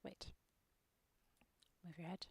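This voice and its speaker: A British woman streaming as she works on an animated scene, muttering to herself and often dropping into a whisper. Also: takes it slowly. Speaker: streamer making an animated game-character video. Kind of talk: casual narration while working.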